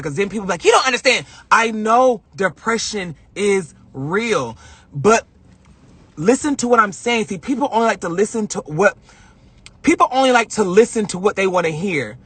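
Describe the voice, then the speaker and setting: A man's voice: high-pitched, pushed and bright, husky, no room sound. A man talking on a phone live stream from a car, heartfelt and rambling, often repeating himself. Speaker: vlogger. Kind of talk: emotional live-stream monologue.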